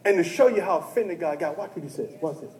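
A male pastor preaching a sermon who talks straight to the congregation and swings from hushed talk to shouting. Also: high-pitched, fast talker, echoey room, poor audio. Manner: addresses the congregation directly and often.

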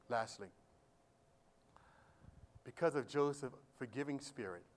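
A man preaching a sermon as pastor, swinging from quiet talk to loud shouted emphasis and asking the congregation questions. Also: mid-range voice, slow. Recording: live church sermon audio.

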